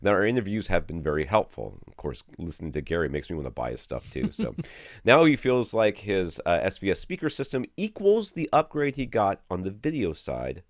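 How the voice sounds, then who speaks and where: Deep-voiced sleepy podcast host. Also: male voice, very animated, fairly quick, dry recording, studio quality. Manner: sleepy, rambling, chuckling. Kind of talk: casual podcast chat.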